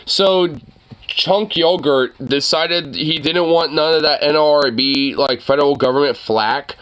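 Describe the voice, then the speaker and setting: A man hosting a casual chat, reacting to a news clip with excited, profane rants. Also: a little high, measured pace, smooth.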